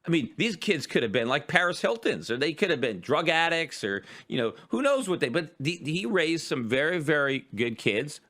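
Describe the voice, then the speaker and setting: Middle-aged male podcast host, bright, slightly high voice, argumentative monologue. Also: normal speed, few pauses. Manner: animated, argumentative, rhetorical questions. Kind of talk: opinion monologue.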